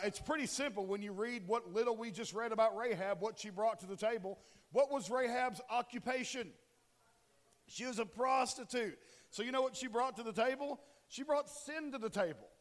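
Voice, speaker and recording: A man's voice: high voice, fairly bright tone. A man in his forties preaching a casual, joking sermon and often asking the congregation questions. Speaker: pastor. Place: church sanctuary. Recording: long hall reverb.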